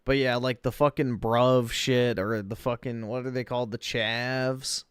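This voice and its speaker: A man's voice: medium pitch, flat delivery, a little slow, smooth, no room sound, clean studio sound. A man streaming, giving blunt, profane reaction commentary.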